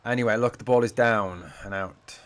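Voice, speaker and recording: A man's voice: on the low side, normal speed. A man hosting a fan watch-along stream, commentating on play in a chatty way, swearing freely and answering viewer comments. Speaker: fan channel host doing a live watch-along. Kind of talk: casual live-stream match commentary.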